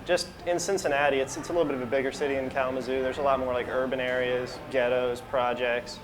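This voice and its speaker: Casting: matter-of-fact man in a casual interview, quick and monotone, noisy location recording. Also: medium pitch. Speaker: moped club member.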